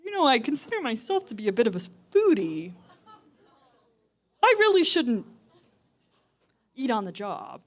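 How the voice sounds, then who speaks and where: A woman's voice: big pitch swings, unhurried, pauses often. A young woman voicing a chatty airport security screener who fawns over snacks. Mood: gushing. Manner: gushing, rising into a high squeal.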